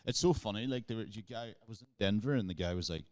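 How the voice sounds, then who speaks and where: A man, a guest comedian telling quick, animated anecdotes in casual chat and laughing often. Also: lowish voice, no room sound. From Northern Ireland border area.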